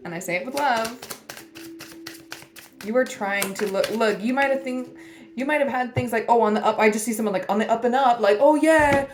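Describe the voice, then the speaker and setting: A woman's voice: a little high, fairly quick, long pauses, faint music behind. A woman giving a casual spiritual reading to camera, blunt and teasing, swearing often as she delivers tough love. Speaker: tarot reader.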